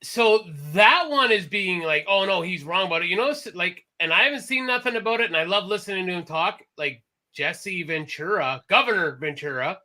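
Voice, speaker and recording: A man's voice: sits high, normal speed, hardly any pauses. A man co-hosting a casual talk show, rambling and correcting himself as he goes. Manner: rambling, self-correcting, animated. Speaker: podcast co-host. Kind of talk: casual chat.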